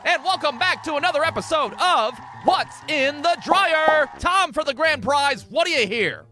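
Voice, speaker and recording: A man's voice: very high-pitched, expressive, normal speed, pushed and bright, pitched above the performer's own voice, heavily acted. A man doing a hammy game show host. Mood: showy. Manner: showy announcer delivery.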